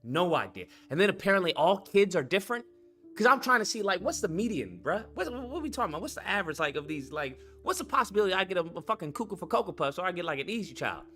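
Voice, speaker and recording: A young man talking casually to his viewers as host, telling stories in an excitable, profane way. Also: high voice, rapid-fire, faint music behind. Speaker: streamer host.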